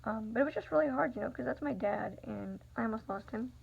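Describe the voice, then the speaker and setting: A woman's voice: on the high side, fast talker, gravelly, husky. A young adult woman telling a personal story in a rambling, confiding way, full of fillers. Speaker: vlogger. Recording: dull lo-fi recording.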